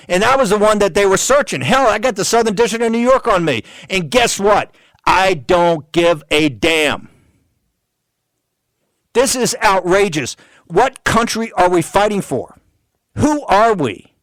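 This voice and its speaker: A man's voice: high-pitched, fairly bright tone, no room sound. A man in his sixties hosting a radio show, ranting heatedly and hurling repeated insults. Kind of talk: heated political radio monologue.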